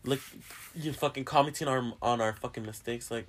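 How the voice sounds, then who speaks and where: A man's voice: medium pitch, fairly quick. A young man hosting a podcast in casual chat, rambling and swearing a lot and often laughing. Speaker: podcast host.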